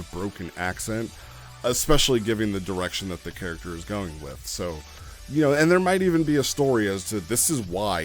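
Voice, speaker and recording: Rambling low-voiced man. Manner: rambling, many fillers and restarts. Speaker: roleplay community host. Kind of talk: casual talk on roleplay writing.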